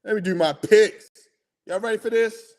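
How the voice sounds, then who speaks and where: A man hosting a casual sports talk livestream, slangy and excitable, rambling about his picks. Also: sits high, moderate pace. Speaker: sports podcast host.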